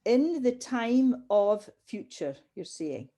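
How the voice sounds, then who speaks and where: A woman leads a language class at an unhurried pace. Her voice is mellow and soft-edged. She patiently drills each sound and calls on her learners one by one. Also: mid-range voice, animated. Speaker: language teacher. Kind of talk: online group language class.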